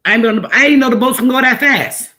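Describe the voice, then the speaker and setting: A woman's voice: a little high, fast, pushed and bright. A woman host tells stories in casual, emphatic chat and repeats phrases for effect.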